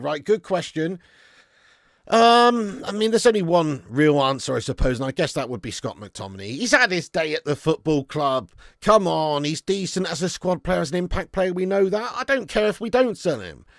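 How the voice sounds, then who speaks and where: A man's voice: a little high, creaky, no room sound, clean studio sound. A man hosting a casual fan livestream, reading out viewer chat with blunt, jokey banter and frequent swearing. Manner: blunt, jokey, swears freely, calls viewers mate and lad. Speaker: fan channel host reading live chat.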